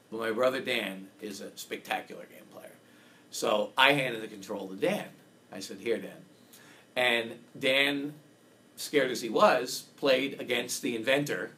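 A man's voice: medium pitch, pushed and bright, a little hiss or hum. A man, telling a story in a casual interview with enthusiasm and acting out the quotes. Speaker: game designer, interview guest.

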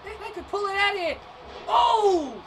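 A woman doing excitable play-by-play wrestling commentary over a video game, often shouting and tripping over her words. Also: very high-pitched, measured pace. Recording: distant mic with noisy background.

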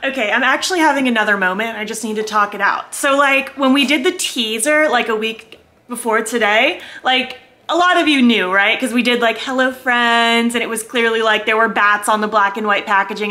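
Giddy, bright-voiced woman vlogger. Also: on the high side. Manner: giddy, excitable, squealing and laughing often. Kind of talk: casual vlog chat. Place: at home, indoors.

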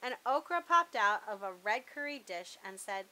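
A woman hosting a channel who reads a rhyming children's picture book aloud in a lively, sing-song way. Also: mid-range voice, normal speed, hardly any pauses, rough recording. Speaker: storybook reader.

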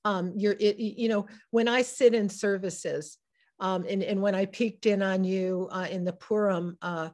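A woman's voice: mid-range voice, unhurried. A woman in her sixties with a Chicago accent, an author telling stories in a casual interview at a synagogue, often restarting her sentences as she goes. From Chicago area, USA. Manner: animated, digressive storyteller who often restarts sentences. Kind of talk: casual conversational storytelling.

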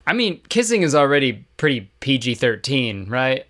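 A man giving comedic commentary on a story game, with a lively, up-and-down delivery full of sarcasm and swearing. Music plays clearly behind him the whole time. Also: mid-range voice, normal speed. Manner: sarcastic, jokey, swears often. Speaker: comedy YouTuber.

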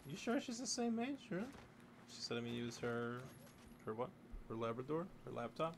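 A man streams a video game and rambles on to his chat, cursing freely and drifting from story to story. His voice sits at an ordinary, mid-range male pitch. A soft hiss of noise runs under the recording. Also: very animated, normal speed, vocal fry. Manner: rambling, profane, talking to chat while playing. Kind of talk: casual live-stream chat.

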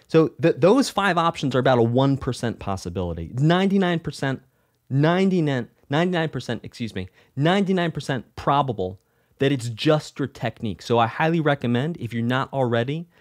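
Energetic male music coach. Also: medium pitch, fairly quick. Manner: energetic, repeats phrases, animated storytelling. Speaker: music teacher. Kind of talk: live Q&A music lesson.

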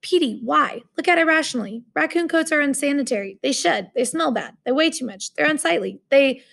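A woman's voice: high-pitched, lively intonation, fairly quick, gravelly, fairly bright tone, voice pushed up, exaggerated voice. A woman reading a smug, logical young man. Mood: lecturing. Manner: superior, lecturing. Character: smug eighteen-year-old male student, coldly logical.

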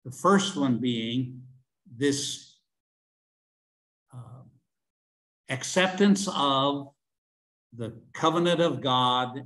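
An older man teaching a religion class online, lecturing with many fillers, restarts and pauses. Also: mid-range voice, fairly bright tone, low-quality recording.

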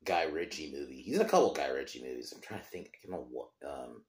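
A man's voice: very deep voice, animated, quick pace, echoey room. A man hosting a podcast, chatting casually about a film, rambling with loose swearing and trailing restarts. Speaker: podcast host. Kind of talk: casual film review chat.

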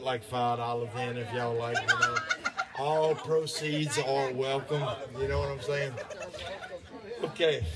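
A man telling crude jokes at an outdoor party, drawling and laughing at his own punchlines. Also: fairly high pitch. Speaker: joke teller. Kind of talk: crude stand-up joke telling. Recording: distant voice over chatty party crowd.

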